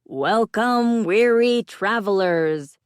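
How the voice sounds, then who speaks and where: A woman voicing a booming theatrical teen wizard. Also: slow, smooth, dry recording, clean studio sound, lightly acted. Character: teenage boy in wizard robes, theatrical and grand.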